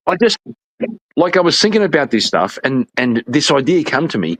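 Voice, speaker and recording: Animated, swearing man in a casual chat. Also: medium pitch, brisk. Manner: animated storyteller, laughs often, swears. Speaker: podcast panelist.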